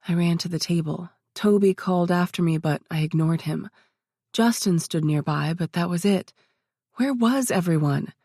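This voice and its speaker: A woman narrating a first-person audiobook in a steady, even reading voice. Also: fairly low pitch, moderate pace, dry recording, studio quality.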